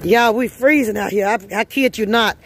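A woman's voice: on the high side, moderate pace, husky. A woman with a Southern US accent hosting an outdoor holiday giveaway in the freezing cold, upbeat and preachy, laughing often. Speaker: host handing out holiday food. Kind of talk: casual charity vlog.

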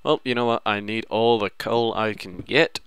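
Brief: young male let's-player, self-mocking and chatty, lowish voice. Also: steady tone, moderate pace, clean tone. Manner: playful, rambling, self-mocking. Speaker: gaming video host. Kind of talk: let's-play commentary.

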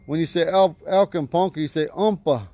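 A man teaching vocabulary to a class outdoors at home, patiently repeating each word slowly. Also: on the high side, warm tone, no echo. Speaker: language teacher.

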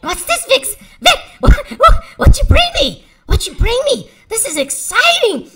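A man voicing a small, excitable male alien scientist who squeals and repeats himself giddily. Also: extremely high pitch, a little slow, pitched above the performer's own voice, heavily acted. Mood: excited.

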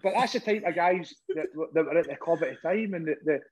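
Husky Scottish man telling stories. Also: fairly high pitch, fast talker, highs cut off. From Scotland. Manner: laughs often, animated anecdote telling with lots of "right?" and swearing. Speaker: podcast guest, former goalkeeper. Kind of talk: casual storytelling chat.

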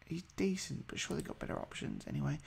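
A man's voice: fairly high pitch, fast, vocal fry, a little hiss or hum. A man giving casual, hesitant commentary over a football management game, full of ums and uhs. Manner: chatty, hesitant, many ums. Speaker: gaming video host.

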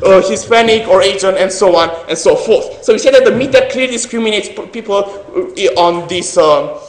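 A young man from Romania delivers a competitive debate speech in English, his second language. His voice sits high, and he talks earnestly but haltingly, full of fillers and self-corrections. The sound rings around a large, echoing hall. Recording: echoey hall.

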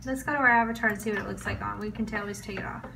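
This co-host of a family toy review channel races through a casual unboxing chat in a gravelly, mid-range voice with fairly even intonation, rambling and thinking aloud. Heavy background noise runs underneath.

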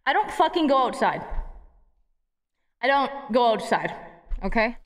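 A woman's voice: on the high side, sing-song. A young woman streaming live, chatting casually with her chat, playful and profane. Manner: playful, swearing, quick jumps between topics.

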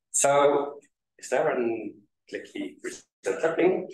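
Hoarse lower-voiced man presenting at a conference, casual, loose with fillers, echoey hall from far off. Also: moderate pace. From Netherlands. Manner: casual, filler-heavy, self-deprecating. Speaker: conference speaker. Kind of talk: technical conference talk. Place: conference room.

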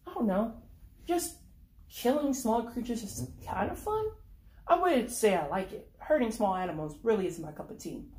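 A woman's voice: medium pitch, mellow, lightly acted. A woman voicing a creepy teenage girl who casually enjoys killing small animals, in an echoey room. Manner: casual, offhand, unsettling.

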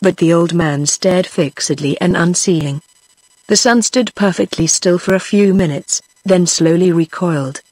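A text-to-speech woman's voice with a British English accent, reading a novel aloud in a steady synthetic tone that stays the same for every character. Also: on the low side, unhurried, no room sound, low-quality recording. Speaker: audiobook narrator.

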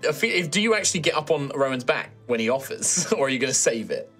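A man's voice: medium pitch, sing-song, quick pace, fairly bright tone, soft background music. A man as game master, narrating casually with many fillers and laughs.

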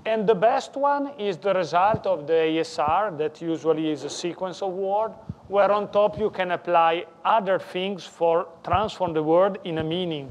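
A man's voice: a little high, a little hiss or hum. A man giving a technical lecture as a guest speaker, explaining step by step with occasional restarts and non-native grammar.

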